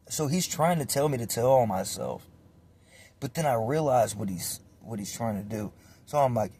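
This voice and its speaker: A man's voice: medium pitch, moderate pace, breathy edge. A man telling a casual, profane story and acting out the voices of the people in it. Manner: profane, animated, acts out voices.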